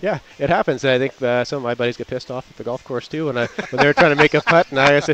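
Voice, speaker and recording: A man's voice: medium pitch, rapid-fire, hardly any pauses, fairly bright tone. A man talking as a real estate agent guest on a radio show, chatty and full of anecdotes, speaking outdoors on a covered patio. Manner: chatty, anecdotal, acts out quotes. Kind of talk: casual radio talk. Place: outdoor patio under a roof. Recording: dull lo-fi sound.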